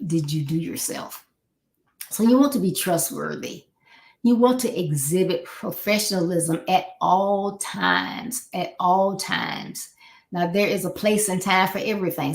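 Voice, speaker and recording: A woman with a fairly low voice coaches her listeners in a relaxed, talky way. She repeats key points for emphasis and slips into the voices of people she quotes. The sound is roomy and echoey. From Florida. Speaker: life coach. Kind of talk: motivational live talk. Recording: echoey room.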